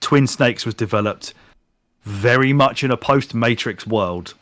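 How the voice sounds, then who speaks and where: A man co-hosting a podcast in casual chat, animated and swearing freely while retelling things. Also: mid-range voice, unhurried, no room sound, clean studio sound. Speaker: podcast co-host. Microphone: podcast microphone.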